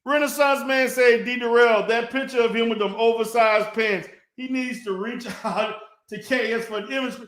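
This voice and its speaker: A man's voice: very high voice, moderate pace, fairly bright tone. A man ranting in a response video, profane and mocking, heated and insulting. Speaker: online commentator. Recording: echoey room.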